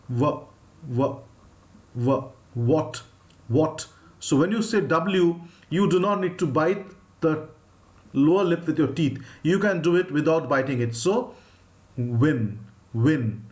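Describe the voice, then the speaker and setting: A man with an Indian English accent, teaching a live phonics lesson and drawing out each sound slowly. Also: on the high side. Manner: slow, drawn-out demonstration of sounds, reading out viewers' names.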